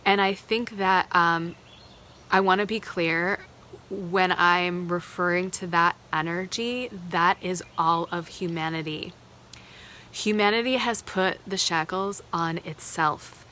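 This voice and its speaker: A woman's voice: lowish voice, slow, sharp tone, slight background noise. A woman hosting a live tarot card reading, speaking earnestly and emotionally, thinking aloud with fillers.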